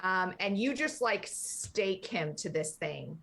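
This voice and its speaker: Slow-talking woman dungeon master. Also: medium pitch, animated, creaky, fairly bright tone. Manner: loose, chatty narration with fillers. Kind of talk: narrating a tabletop game.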